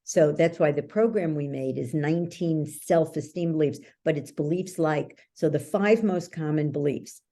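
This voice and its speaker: Woman coach guest, low mellow voice, takes her time, keeps asking "okay?". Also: normal speed, hardly any pauses. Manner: checks in with the listener often, storytelling. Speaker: guest, belief-change coach. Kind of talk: explanatory interview talk.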